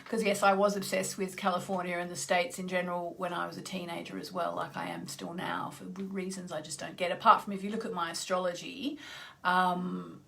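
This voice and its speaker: A woman from Tasmania, chatting casually on a live stream as an astrologer, greeting viewers by name and clearing her throat now and then. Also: lowish voice, brisk, pushed and bright. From Australia (Tasmania).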